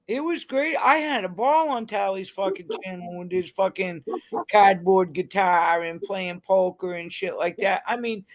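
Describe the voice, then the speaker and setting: A woman hosting a livestream, ranting bluntly and heatedly with constant swearing. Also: lowish voice. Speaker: livestream host. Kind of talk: angry livestream rant to chat.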